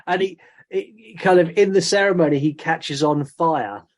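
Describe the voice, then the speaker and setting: A man's voice: on the high side, moderate pace. Man laughingly recapping a film. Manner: recaps the plot, laughing often. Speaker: podcast host. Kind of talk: casual film review chat.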